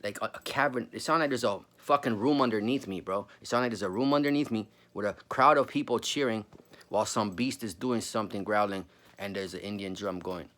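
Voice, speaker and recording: A man's voice: fairly low pitch, fairly quick, a bit bright. A man in his forties telling a spooky personal story in a rambling, profane, casual way, calling the listener bro.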